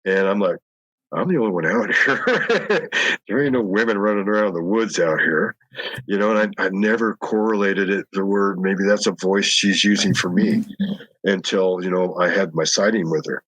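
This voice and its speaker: Rambling, lower-voiced man telling stories. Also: normal speed, dry recording, poor audio. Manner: rambling, animated, laughs often. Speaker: guest telling encounter stories. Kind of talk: casual storytelling.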